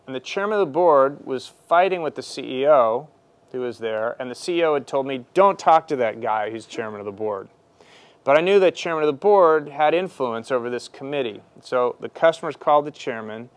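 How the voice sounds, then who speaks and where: A man with a smooth, resonant voice tells a personal business story to students. His pitch sits in the middle range, and his delivery is loose and conversational, full of restarts and "you know.". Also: a little fast, no room sound. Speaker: entrepreneur speaking to students.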